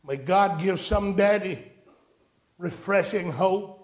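A man's voice: high voice, takes it slowly, echoey room. A man preaching a sermon, telling a story in a down-home way and rising to emphatic pleas to his listeners. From rural United States.

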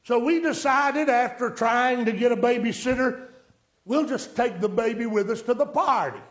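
High-voiced country preacher in an echoey room. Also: male voice, normal speed. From rural United States. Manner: storytelling preacher, rising to emphatic pleas. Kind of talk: sermon.

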